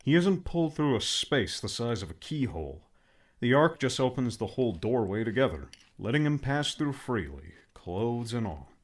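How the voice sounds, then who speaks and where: A man's voice: medium pitch, very animated, normal speed, voice pushed up. A man voicing a patient, fussy friend who explains things and mildly scolds. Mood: explaining.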